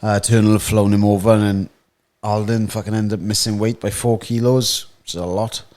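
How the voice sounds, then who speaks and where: A young man with a fairly low voice. He talks in loose, casual podcast banter and swears freely, sounding relaxed among friends. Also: a little fast. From Wales. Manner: swears a lot, laid-back banter. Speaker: podcast co-host, fighter. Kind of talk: casual chat.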